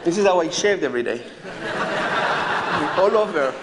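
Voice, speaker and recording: Mentalist guy on stage, kinda high voice, joking and nervous, big hall echo, some noise. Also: lively intonation, unhurried. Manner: joking, nervous, non-native phrasing. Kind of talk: live stage performance with audience volunteers. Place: large theatre stage before a live audience. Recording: live stage sound with long hall reverb and audible noise.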